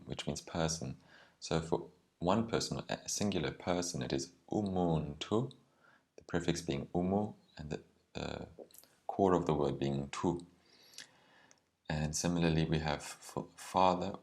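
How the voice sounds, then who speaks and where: Very deep-voiced male language teacher. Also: darkish tone. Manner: careful and explanatory, with some ums and slowed words. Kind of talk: explanatory language lesson.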